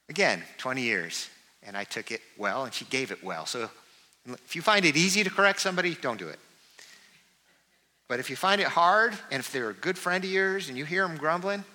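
Guy preaching a sermon, super bright voice, long reverb like a big church hall. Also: fairly high pitch, lively intonation, fairly quick. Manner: earnest, shifts to soft confiding tones. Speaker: pastor.

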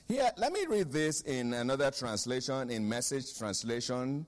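A man's voice: mid-range voice, big pitch swings, normal speed, few pauses, big-room sound. A man preaching a sermon as pastor, emphatic, repeating key phrases and asking the congregation for an amen.

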